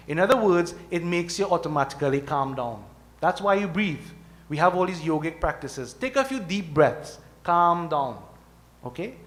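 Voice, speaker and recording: A man's voice: a little high, fairly bright tone. A middle-aged man preaching to devotees at a temple, speaking conversationally and often checking in with "okay?" and "right?". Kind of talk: sermon.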